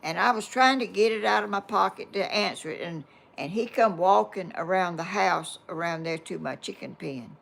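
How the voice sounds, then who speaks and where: An older vlogger from Georgia in the US tells her viewers a rambling personal story in a homespun, meandering way, reading their comments aloud as she goes. Her voice is lowish and gravelly, at a moderate pace with hardly any pauses.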